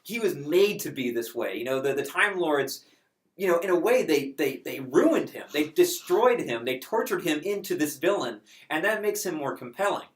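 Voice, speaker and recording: A man chatting casually as a reviewer, animated and emotional, with many fillers. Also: on the high side, moderate pace, roomy sound.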